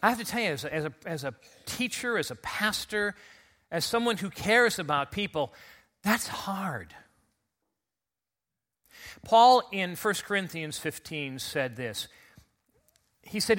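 Speaking a little slowly with long pauses, a middle-aged pastor preaches earnestly to his congregation for Easter, his high-sitting voice animated. He is recovering from a recent illness and builds to loud, emphatic calls.

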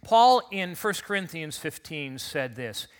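A man's voice: fairly high pitch, sing-song, a little slow, clean tone. A man pastor giving an Easter sermon in a church, talking conversationally and leading the congregation in call-and-response after a recent illness. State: recovering from illness. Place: church sanctuary.

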